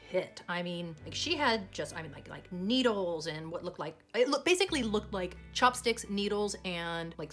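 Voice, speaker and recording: A woman hosting a budgeting vlog, telling a long story in a chatty way, laughing now and then and reading out dollar amounts as she goes. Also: on the low side. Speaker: budgeting channel host.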